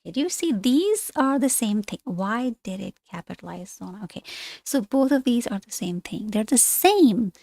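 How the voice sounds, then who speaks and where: A woman's voice: a little high, lively intonation, moderate pace, creaky, dark tone, no room sound. A woman teaching an online language lesson, explaining things on screen in a chatty, rambling way with frequent asides and self-corrections.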